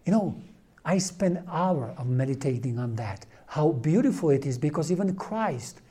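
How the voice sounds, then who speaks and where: Earnest man with a mellow voice. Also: a little high, lively intonation, husky. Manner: earnest, halting, with many fillers and restarts. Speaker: lay Catholic speaker. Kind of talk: informal religious talk.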